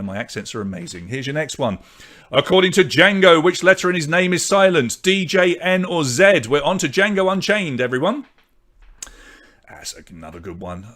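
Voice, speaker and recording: A man's voice: on the high side, a bit bright. Chatty man hosting a quiz. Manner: chatty, brisk, reads out scores and options. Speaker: quiz host. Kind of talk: online pub quiz hosting.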